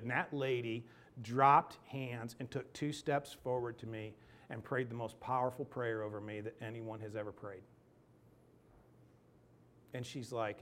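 A man preaching a sermon, telling a personal story in an animated, emphatic way and then leading a hushed, earnest prayer. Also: medium pitch, normal speed.

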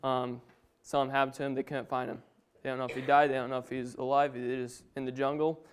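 A man's voice: mid-range voice, flat delivery, fast talker, smooth. A man preaching a sermon, reading scripture aloud and then explaining it in his own words with frequent restarts.

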